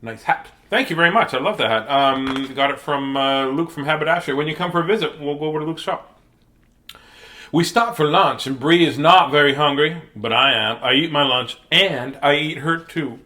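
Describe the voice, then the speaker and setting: A man's voice: fairly high pitch, normal speed, bright, forceful tone. A man hosting a storytime video, reading picture books aloud with goofy jokes and chatty asides from home. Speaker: storytime reader host. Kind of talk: playful picture book read-aloud.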